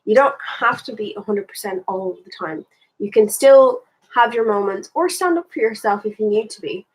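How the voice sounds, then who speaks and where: A woman's voice: medium pitch, expressive, moderate pace, slightly rough, low-quality recording. An Irish woman talking candidly in a casual reflective monologue, rambling and thinking aloud as she goes. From Ireland. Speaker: spiritual vlogger.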